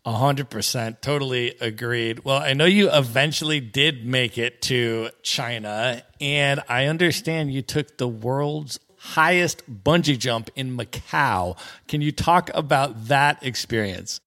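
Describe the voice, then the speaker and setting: A man's voice: mid-range voice, a little slow, pushed and bright. A man hosting a podcast, asking friendly, open questions and affirming his guest. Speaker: podcast host. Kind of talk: interview questions.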